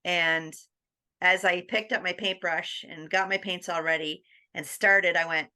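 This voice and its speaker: A woman guest on an interview podcast, telling her story in a lively, animated way. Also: on the low side, unhurried, clear, resonant tone. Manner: animated, acts out quoted dialogue with laughs.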